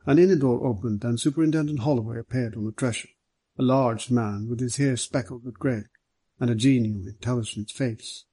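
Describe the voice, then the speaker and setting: A man reading a detective story aloud as the narrator, in a measured, even manner. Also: mid-range voice, slightly rough, no room sound. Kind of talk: scripted audiobook narration.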